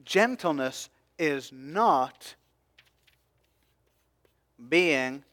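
A man preaching a sermon as pastor, passionate, swinging from hushed asides to loud emphatic peaks. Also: on the high side, animated, drawn-out words, dry recording.

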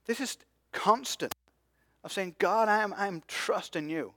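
A man preaching a sermon as pastor, passionate, swinging from hushed asides to loud emphatic peaks. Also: high voice, unhurried, dry recording, studio quality.

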